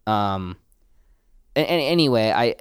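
A man co-hosting a casual faith discussion, talking in quick bursts with restarts and frequent fillers. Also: fairly low pitch, expressive, smooth, no echo, clean studio sound.

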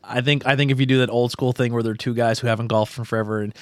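Guy hosting a podcast, kinda rambly, mid pitch, dry sound. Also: fairly even intonation, fast, no echo. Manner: rambling, loose, with frequent restarts. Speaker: podcast host. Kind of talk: casual chat.

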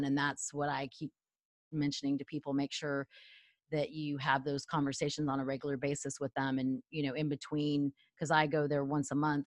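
Low-pitched middle-aged woman hosting, chatty and candid, dry close sound. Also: no echo. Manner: candid, chatty, talks it through aloud. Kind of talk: casual conversation.

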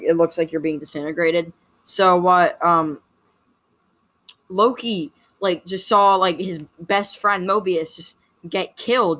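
A woman talks through a casual story recap in a slightly low voice. She rambles, fills gaps with "like" and keeps correcting herself mid-sentence. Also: fairly bright tone. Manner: rambling, full of "like" and self-corrections. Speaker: video host recapping a series.

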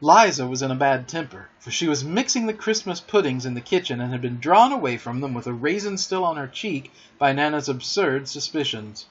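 A man narrating a storybook in an expressive, theatrical way in a dull lo-fi recording. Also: mid-range voice, a little fast, hardly any pauses, slightly rough.

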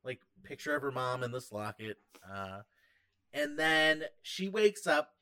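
A man's voice: medium pitch, a little slow, clean tone. A man co-hosting a podcast, chatting casually and jokily about a movie. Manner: animated, jokey, slips into quoted voices. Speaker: podcast co-host.

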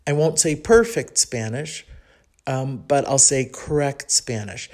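A woman from Chicago, United States, with a Chicago accent and an extremely low, mellow voice, tells a story from her life on her own podcast. Her monologue is chatty and reflective, thinking aloud with many small pauses and restarts.

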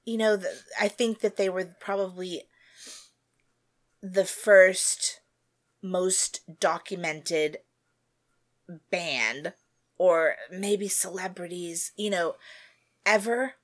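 A woman co-hosting a casual chat podcast, talking in an animated way and laughing easily. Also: on the low side, slow, pauses often. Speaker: podcast co-host.

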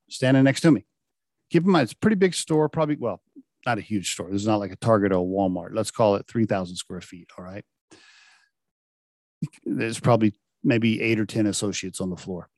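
A middle-aged man telling a casual anecdote about his job. He laughs often and acts out the dialogue with lively shifts in his voice. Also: lowish voice, no echo, clean studio sound. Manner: animated, laughing often, acting out quoted dialogue. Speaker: storyteller recounting a work anecdote.

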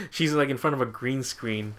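A man's voice: medium pitch, big pitch swings, unhurried, fairly bright tone. Rambling, laughing podcast host man. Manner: rambling, laughs often, quotes himself. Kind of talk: casual chat.

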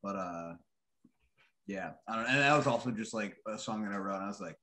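A man from a band explaining how he writes songs, halting and relaxed, full of filler words. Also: fairly low pitch. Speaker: band member, songwriter. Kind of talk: casual interview chat.

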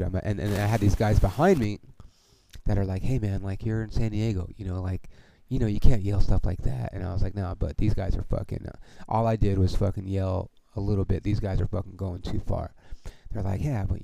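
A male podcast host with a low voice and vocal fry recounts a story in a casual monologue. He's heated, animated and swears a lot, often saying "dude" and "okay." The recording is low quality with slight background noise.

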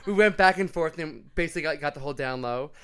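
A man's voice: a little high, fast, bright, forceful tone, clean tone. An American man in his twenties, a podcast guest telling a story in an easygoing, joking way. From New York, US. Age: 20s. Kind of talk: casual chat.

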